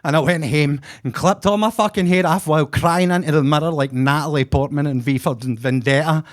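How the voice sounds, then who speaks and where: A man's voice: on the high side, fairly quick. A camp, sweary man in his forties from Glasgow with a Glaswegian accent, doing a flamboyant stand-up set on a club stage. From Glasgow, Scotland. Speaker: stand-up comedian. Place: comedy club basement stage.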